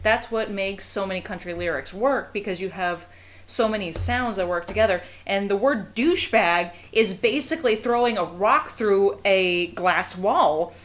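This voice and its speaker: On a casual podcast, a young guest reviewer from the Pittsburgh area talks in a medium-pitched voice with a distinct Pittsburgh accent. She's animated, breaking off for quick asides and laughs.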